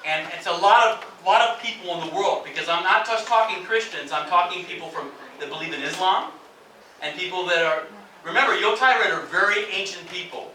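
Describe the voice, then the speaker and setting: Male English teacher, high bright voice, demonstrative classroom delivery, echoey distant room sound. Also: fairly quick, slight background noise. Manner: explanatory, demonstrates intonation with exaggerated examples.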